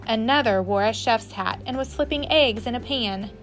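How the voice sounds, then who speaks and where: A woman teacher reading a children's book aloud with expressive delivery. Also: on the high side, moderate pace. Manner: warm, expressive.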